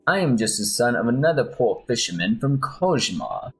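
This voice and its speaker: A man voicing a charming middle-aged male mercenary with a put-on Spanish accent and smooth, persuasive talk. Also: medium pitch, sing-song, moderate pace.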